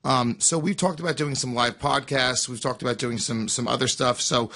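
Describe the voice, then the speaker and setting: American male podcast co-host, brash and foul-mouthed, mid-pitched speaking voice. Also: fairly even intonation, normal speed, pushed and bright. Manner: brash, swears freely. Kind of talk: casual podcast banter.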